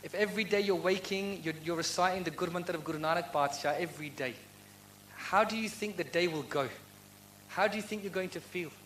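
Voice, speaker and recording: A British man with a high, fairly bright, slightly raised voice speaks fairly quickly as he answers questions at a university event in a devotional talk and Q&A. Sincere and heartfelt, he relies on rhetorical questions, and a faint hum runs beneath the low-quality recording.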